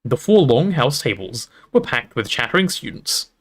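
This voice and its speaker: A man reading a storybook aloud to a livestream audience in an expressive, relaxed storytelling manner. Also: medium pitch, moderate pace, slightly rough. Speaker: streamer reading aloud to chat.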